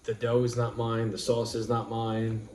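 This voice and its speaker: A man from New York chats casually on a livestream, rambling and restarting his sentences as he goes. His voice sits at an ordinary pitch, and it carries a roomy echo over faint background noise. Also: completely flat delivery, darkish tone. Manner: rambling, halting, full of restarts. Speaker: livestream host.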